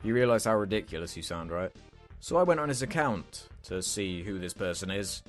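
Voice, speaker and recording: A man's voice: deep voice, animated, fairly quick, soft background music. Sarcastic, swearing young man ranting. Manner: sarcastic, exasperated, swears freely. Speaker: comedy rant host. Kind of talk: sarcastic comedic rant.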